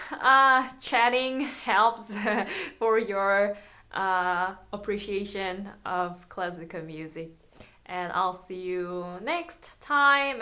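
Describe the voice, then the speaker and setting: A woman violin teacher, chatting through a casual video lesson, halting, with many fillers and restarts. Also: medium pitch, bright, forceful tone.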